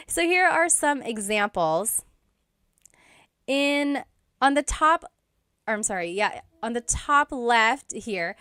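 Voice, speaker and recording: A woman teaches an online language lesson, taking her time and repeating each phrase slowly so learners can follow. Her voice is bright and clear, recorded close and dry, and she laughs lightly now and then between explanations. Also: fairly high pitch, no room sound.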